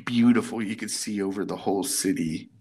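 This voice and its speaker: A middle-aged man with a lowish, husky voice tells a story briskly in casual chat. An animated storyteller, he slips into the voices of the people he quotes, acting them out.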